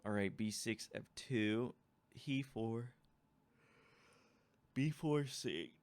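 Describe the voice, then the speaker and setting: A man's voice: medium pitch, extremely slow, smooth. A man giving casual, jokey commentary while playing a game, talking back to it and reading out codes. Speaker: let's play gamer. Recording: loud background noise with clicks.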